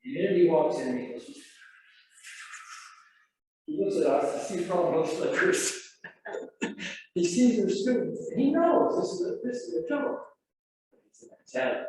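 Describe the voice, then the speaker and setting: Older man, high voice, animated storytelling, far from the mic, very echoey room. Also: measured pace, pauses often, a little hiss or hum. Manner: animated, acts out quoted voices and sound effects. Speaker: storyteller at an alumni event. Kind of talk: anecdotal storytelling. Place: event room.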